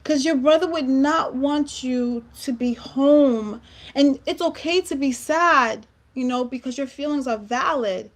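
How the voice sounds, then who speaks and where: Earnest, emphatic woman host, higher voice. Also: unhurried. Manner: earnest, emphatic, repeats words as she talks. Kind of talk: heartfelt conversational talk.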